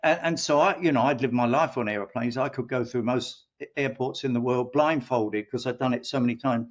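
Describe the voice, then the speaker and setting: A man's voice: medium pitch, brisk, muffled recording. A middle-aged man, a guest on an interview show, who tells rambling anecdotes and acts out the voices of the people he quotes. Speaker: guest, co-founder of a training company. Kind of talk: casual interview talk.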